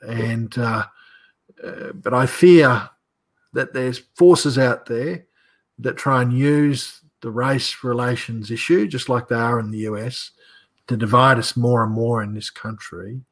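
A man's voice: mid-range voice, fairly even intonation, measured pace. Male podcast host asking questions. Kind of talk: interview questions.

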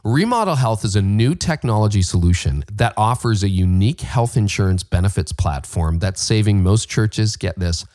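A man's voice: fairly low pitch, expressive, normal speed, hardly any pauses, darkish tone, no room sound, studio quality. A middle-aged Canadian man hosting a leadership podcast, reading ads and interviewing a guest with enthusiastic, conversational energy. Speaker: podcast host. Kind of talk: ad reads and interview.

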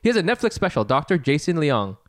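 A man's voice: a little high, sing-song, fast talker, dry recording, clean studio sound. A man co-hosting a casual comedy podcast, rambling, laughing often, swearing and acting out what people said. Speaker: podcast co-host.

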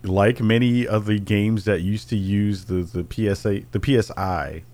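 A man as a podcast guest in casual chat, playful, building jokes in a low-key way. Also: steady tone, normal speed, a little mellow.

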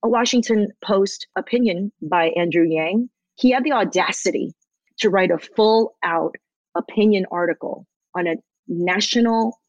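A woman's voice: mid-range voice, moderate pace, darkish tone, no room sound, dull audio. A woman guest telling a story in a casual interview, acting out quotes and swearing casually. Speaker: guest, comedian and activist.

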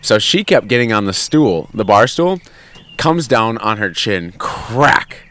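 A young man telling a story in casual chat, in a relaxed, wry way. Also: fairly low pitch, unhurried. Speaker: podcast co-host.

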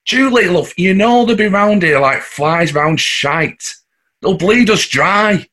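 A man's voice: high voice, expressive, takes it slowly, bright, forceful tone, heavily acted. An actor with a Mancunian accent playing a scheming, boastful working-class husband and father, cocky and coarse. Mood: coaxing. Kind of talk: audio drama acting.

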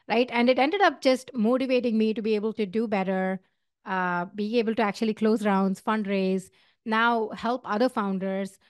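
A middle-aged woman with an Indian accent hosts a solo podcast giving career advice. Her medium-pitched voice is recorded with studio quality and no echo, and she speaks earnestly and conversationally, with fillers and restarts.

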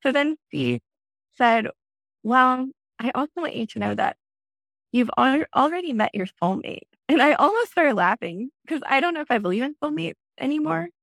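A woman in her thirties, a podcast guest, telling a personal story in a lively way and acting out her own past lines. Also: normal speed, gravelly, no echo. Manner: animated, acts out her own past lines in a high excited voice. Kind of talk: conversational storytelling.

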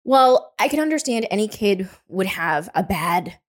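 A woman co-hosting a podcast, telling a story in an animated, casual way with laughter and swearing. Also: mid-range voice, a little slow. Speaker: podcast co-host. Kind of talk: casual chat.

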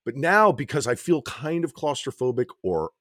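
A man co-hosting a relaxed chat podcast, blunt and given to swearing, his pitch swinging widely as he gets worked up. He trails off and restarts his thoughts often. The room sounds dry and close. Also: moderate pace, no echo. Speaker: podcast co-host. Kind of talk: casual chat between spouses.

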